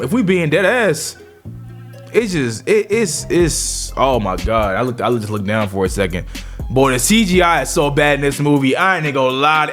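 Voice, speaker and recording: Animated, slangy male movie reviewer. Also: on the high side. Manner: animated, slangy, repeats fillers. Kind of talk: casual movie review vlog.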